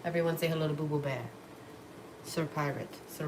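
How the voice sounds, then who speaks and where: A young woman livestreams from a room at home, chatting casually in a low, steady voice a little fast. She's blunt and profane and coos to her dogs between stories. The room is echoey, the mic distant, and the audio noisy.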